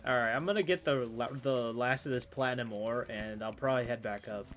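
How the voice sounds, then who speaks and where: A man's voice: medium pitch, brisk, a bit bright. A man streaming a game, chatting casually and rambling with stammers, jokes at his own expense and frequent swearing. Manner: rambling, stammering, self-mocking, swears freely. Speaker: gaming streamer. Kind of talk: casual gameplay commentary.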